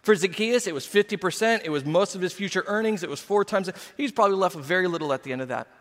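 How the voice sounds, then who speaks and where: A male pastor preaching a sermon in an animated, emphatic way with conversational asides. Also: high voice, fast, long reverb tail.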